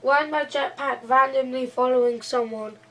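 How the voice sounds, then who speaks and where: A woman's voice: high-pitched, fairly even intonation, normal speed, a bit bright, far from the mic, rough recording. A woman hosting and playing her part in a casual game role-play, hesitant, with frequent restarts and playful groaning. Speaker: host and role-player.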